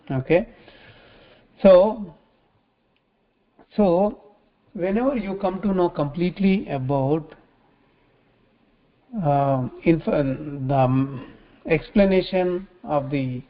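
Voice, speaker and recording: A man teaching scripture in a religious talk, halting often and repeating phrases as he restarts. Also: on the high side. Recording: dull lo-fi recording.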